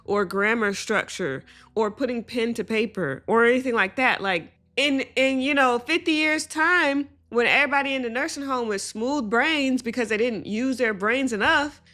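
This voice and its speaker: A woman hosting a commentary video, sharing opinions in a loose, tangent-prone way and laughing as she talks. Her voice is bright and forceful. It sits slightly higher than average. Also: normal speed, few pauses. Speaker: commentary channel host. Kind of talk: casual commentary rant.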